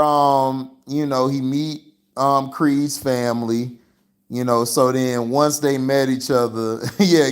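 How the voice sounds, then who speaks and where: A man hosting a casual livestream movie review, rambling in a slangy way with lots of fillers. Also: medium pitch. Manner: rambling and slangy, full of "you know" fillers. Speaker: movie reviewer and channel host.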